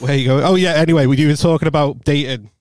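A man's voice: a little high, fast talker, a little mellow, dry recording, studio quality. A young man co-hosting a casual podcast, joking and swearing, laughing often. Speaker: podcast co-host. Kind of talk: casual banter.

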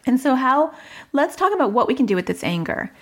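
A woman's voice: high voice, big pitch swings, fairly quick. A woman in her thirties telling a frank, reflective story about her own parenting, often quoting what she said. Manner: frank, reflective, quotes herself in dialogue. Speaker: parenting podcaster. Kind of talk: candid personal storytelling.

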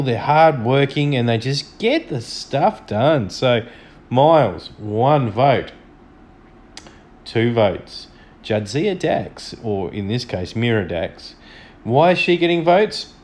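A man's voice: mid-range voice, a little mellow. A man hosting a solo podcast, chatting enthusiastically and a little self-deprecatingly as he reviews an episode from home. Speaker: podcast host. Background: dog snoring.

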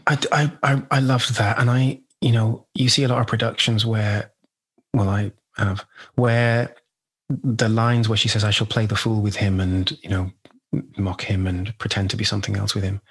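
A man being interviewed as a guest actor, telling a story in a halting, reflective way and acting out the quotes. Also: fairly low pitch, little pitch movement, fairly bright tone, husky.

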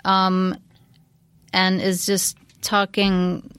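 A woman's voice: medium pitch, completely flat delivery, drawn-out words, fairly bright tone, clear, resonant tone, no room sound. Woman on a podcast chiming in, wry, very dry close sound. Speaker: podcast co-host. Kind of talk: casual TV episode recap.

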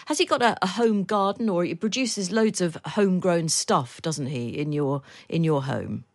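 A woman's voice: on the low side, normal speed. A woman hosting a podcast, interviewing a guest with dry, wry questions. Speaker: podcast host.

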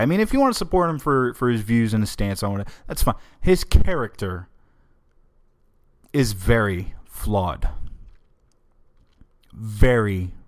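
A man hosting a political podcast, giving opinionated, emphatic commentary in a conversational way. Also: medium pitch. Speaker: podcast host.

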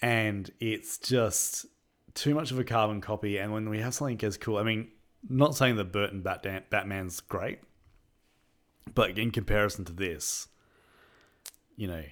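A man co-hosting a casual film chat, animated and quick to act out movie quotes. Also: on the low side. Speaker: podcast co-host. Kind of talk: casual chat about films.

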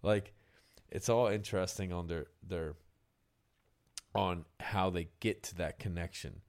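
A man's voice: low-pitched, fairly even intonation, a little slow. A young man hosting a casual podcast chat about music, loose and profane, often trailing off and restarting.

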